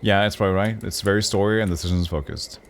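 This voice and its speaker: Low-voiced man reading a game aloud. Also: fairly even intonation, quick pace, vocal fry. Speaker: streamer. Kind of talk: reading a role-playing game aloud on a livestream.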